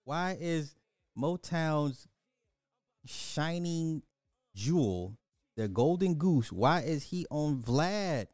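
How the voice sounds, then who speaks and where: A man's voice: on the high side, expressive, very slow, darkish tone, dry recording, clean studio sound. A middle-aged man hosting a livestream, ranting bluntly and with profanity in casual commentary, repeating his points for emphasis. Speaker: livestream host.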